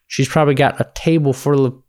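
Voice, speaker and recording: A man's voice: medium pitch, fairly even intonation, quick pace, a little mellow. A man rambling through a casual, profane chat, acting out his own bar conversations as he tells them.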